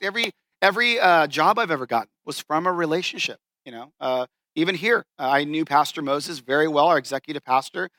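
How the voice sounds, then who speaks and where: A man's voice: fairly high pitch, pushed and bright, dry recording. A man in his forties giving a casual, story-driven sermon in a church, acting out the people he quotes. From Southern California. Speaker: pastor.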